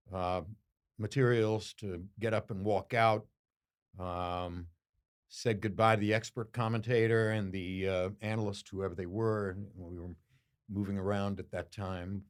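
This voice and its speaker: An older boxing commentator answers interview questions through slow, reflective storytelling, using emphatic pauses. His voice is on the low side.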